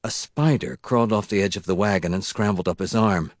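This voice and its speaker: A man narrates an audiobook in a measured, deliberate way. His voice sits low. The recording is dry, with little room sound. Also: no echo.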